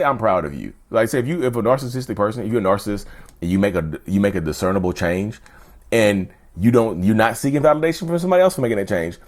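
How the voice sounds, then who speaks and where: Man, low-pitched voice, earnest casual vlog talk, repeats himself, sudden high jumps for emphasis. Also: darkish tone. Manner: earnest, repetitive, keeps asking "you see what I'm saying". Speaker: YouTube channel host.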